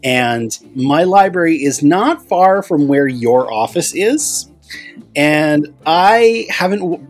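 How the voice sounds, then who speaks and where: A middle-aged man from Canada hosting a film podcast, chatty and self-mocking as he talks with his guest. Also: on the high side. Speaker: podcast host. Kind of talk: casual podcast chat and intro.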